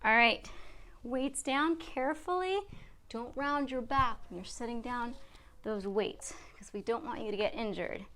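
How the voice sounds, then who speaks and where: A woman's voice: a little high, a little slow, a bit bright. A woman fitness instructor guiding a beginner workout, counting reps aloud and a little out of breath. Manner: encouraging, counts reps aloud while exercising.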